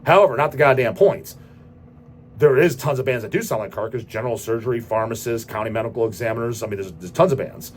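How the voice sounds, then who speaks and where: A man's voice: medium pitch, fast, a little hiss or hum. A man hosting a show, answering viewer questions in a profane, ranting casual style. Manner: profane, ranting, repeats goddamn. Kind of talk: casual rant.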